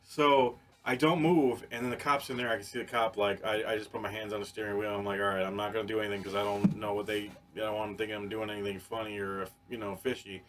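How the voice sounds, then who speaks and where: A man on a podcast telling a story in casual chat, animated and profane, with many restarts. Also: fairly low pitch, fast, few pauses. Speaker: podcast co-host.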